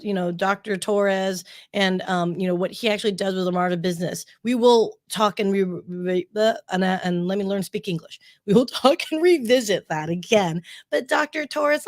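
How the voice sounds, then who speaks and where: A woman hosting a podcast interview, asking long, rambling questions in a bubbly, laughing manner. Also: medium pitch. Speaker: podcast host. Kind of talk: casual interview chat.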